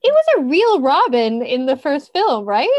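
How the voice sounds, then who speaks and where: Chatty woman with a higher voice. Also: very animated, moderate pace, a little mellow. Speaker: podcast co-host. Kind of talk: casual film review chat.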